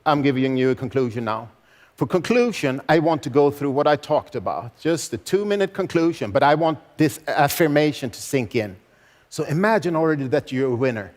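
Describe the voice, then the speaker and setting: A man in his forties delivers a motivational speech on stage in a large event hall, his slightly high, darkish voice moving a little quickly with lively intonation. He speaks emphatically, repeating key phrases and posing rhetorical questions. The recording carries a long hall reverb.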